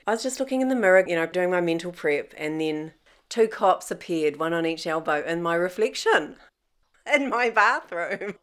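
A middle-aged woman telling her own story in a lively way, laughing often and acting out the voices of people she quotes. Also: lowish voice, moderate pace, clean tone. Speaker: interviewee. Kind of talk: personal storytelling.

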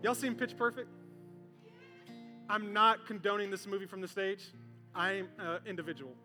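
A male pastor preaching a sermon from a church stage, animated and conversational, with comic bits. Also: sits high, moderate pace. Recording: long hall reverb, faint music.

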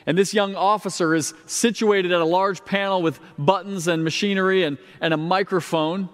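A man's voice: high voice, steady tone, moderate pace. A man preaching a sermon as pastor, in a conversational, lightly humorous manner. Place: church sanctuary. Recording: long reverb of a large hall.

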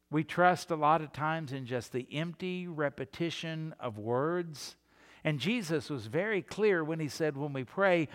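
A middle-aged pastor preaching a sermon, talking in a conversational way and lifting his voice when he quotes scripture. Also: on the high side. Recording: long reverb of a hall.

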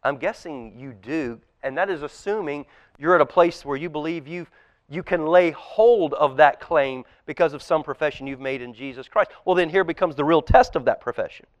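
A male pastor delivers a sermon in a fairly high voice. He is impassioned, rising to loud emphasis and sinking to hushed, near-whispered lines. The sound is close and dry. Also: moderate pace, no room sound, muffled recording. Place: church auditorium.

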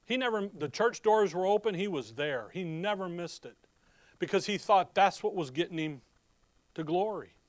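A man preaches in an easy, conversational way and slips into stories. His voice sits a little high for a man. The sound is close and dry, with no room echo. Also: expressive, normal speed. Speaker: pastor. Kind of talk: sermon.

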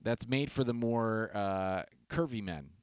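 A man's voice: fairly low pitch, unhurried, clear, resonant tone, no room sound, clean studio sound. A man co-hosting a casual comedy podcast, telling long rambling stories with restarts and laughs. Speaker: podcast co-host. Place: podcast studio.

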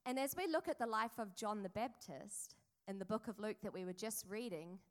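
A woman's voice: mid-range voice, normal speed. A woman, preaching a sermon in a chatty storytelling way with asides to the congregation. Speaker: pastor.

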